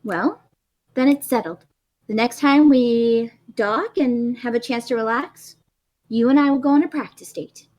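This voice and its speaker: A flirtatious snake-bodied woman, as a woman puts her on at a tabletop game. Her slightly high voice stays playful and teasing as she nudges a shy friend toward romance. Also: measured pace, a little mellow.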